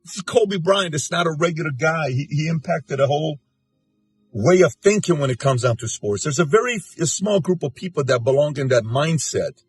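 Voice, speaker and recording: A man's voice: on the high side, animated, moderate pace, slightly rough. A man in his forties hosting, giving an emotional spoken tribute in an earnest, emphatic, repetitive way. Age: 40s. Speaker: host. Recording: music bed underneath.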